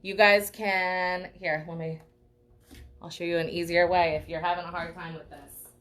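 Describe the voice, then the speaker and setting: A woman's voice: on the low side, little pitch movement, normal speed, fairly bright tone. A young woman teaching a live online painting class, chatty and encouraging, checking in with "okay?" often. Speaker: art teacher.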